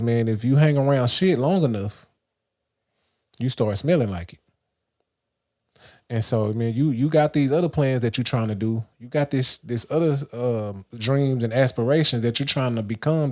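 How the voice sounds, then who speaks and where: A man's voice: mid-range voice, normal speed. Guy hosting a live stream, rambly pep talk, lots of restarts. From Dallas, Texas. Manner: loose and rambling, many restarts and fillers. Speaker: livestream host. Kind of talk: casual motivational monologue.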